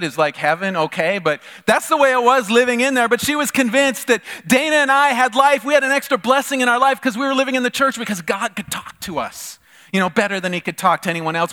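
A high-voiced pastor delivers a sermon in a church hall, where a long reverb tail follows his words. His storytelling is animated, and he takes on the voices of the people he quotes.

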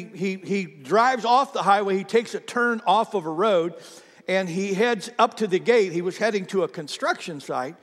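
A man with a high, light voice delivers a sermon, telling stories with lively energy and speaking directly to the congregation. His words ring out with a long reverb, as if recorded live in a large hall. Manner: animated storytelling, talks straight to the congregation. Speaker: pastor.

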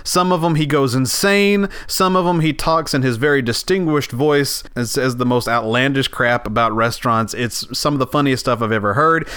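Excitable podcast host man. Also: on the high side, clean tone, no room sound, clean studio sound. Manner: excitable, animated, laughing at his own material. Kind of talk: casual chat.

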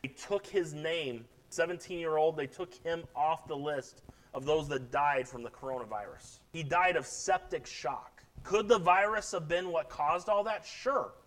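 A middle-aged man preaching an impassioned sermon as pastor, swelling louder and then dropping low. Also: measured pace, low-quality recording. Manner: impassioned preaching, rising and falling in loudness.

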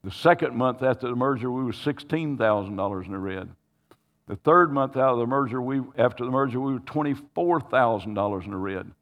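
A pastor telling a personal story in a sermon, earnest and halting, with frequent restarts that build to emotional pleading. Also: male voice, medium pitch, a bit bright, long reverb tail. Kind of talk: sermon testimony.

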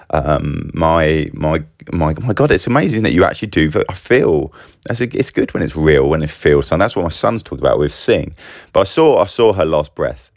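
A middle-aged man talking through a rambling, animated personal monologue, full of restarts. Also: a bass voice, no echo, clean studio sound. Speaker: business owner vlogger.

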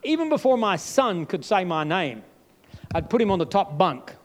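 A man delivering a sermon in a fairly high voice. He preaches with emphatic swings, leaping up in pitch and then dropping almost to a murmur. His delivery is dramatic and direct. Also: sing-song, normal speed. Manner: emphatic, with sudden jumps and drops in pitch and loudness.

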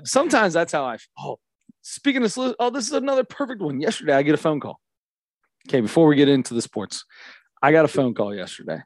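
A man in his thirties telling funny stories in casual chat, acting out the people he quotes in lively voices. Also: on the high side, fast, no room sound, clean studio sound. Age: 30s. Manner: animated storyteller, quotes others in lively acted voices. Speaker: podcast co-host.

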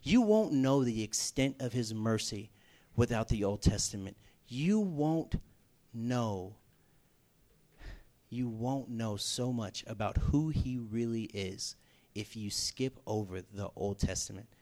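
Young male preacher, animated storyteller, swings between hushed and loud emphasis. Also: mid-range voice, takes it slowly. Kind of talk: storytelling sermon.

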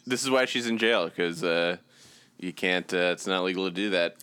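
A man co-hosting a casual comedy podcast, speaking in a laid-back, dry way with hesitant pauses. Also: low-pitched, pushed and bright, clear, resonant tone. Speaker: podcast co-host.

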